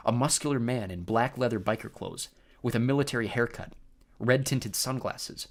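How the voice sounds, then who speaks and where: Expressive male audiobook narrator, gravelly. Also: mid-range voice, normal speed. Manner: expressive storytelling. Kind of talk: first-person audiobook narration.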